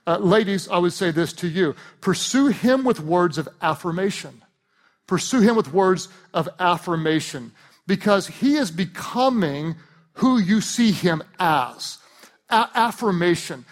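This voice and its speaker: A man with a high, bright voice preaches in an animated, humorous way, leaning into jokes with the crowd and swelling to shouts on the points he wants to land. He delivers it as a pastor speaking from the stage of a large church. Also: measured pace. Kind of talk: sermon.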